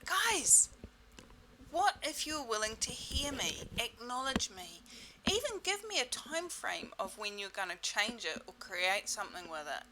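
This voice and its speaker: A woman leading a self-help webinar in a playful, exclamatory way, repeating set clearing phrases. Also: medium pitch, big pitch swings, moderate pace, background noise. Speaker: webinar facilitator.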